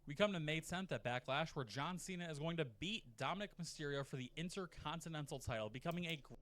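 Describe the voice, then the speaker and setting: A man narrating in a casual, profane, animated way, often slipping into mock quotes. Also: on the high side, quick pace. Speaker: narrator of a wrestling rebooking video. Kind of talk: casual scripted commentary.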